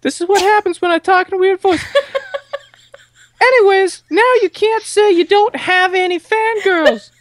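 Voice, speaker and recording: A man reading out a listener's letter as a giddy young female fan, in a squeaky high put-on voice. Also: unhurried, a bit bright, slight background noise.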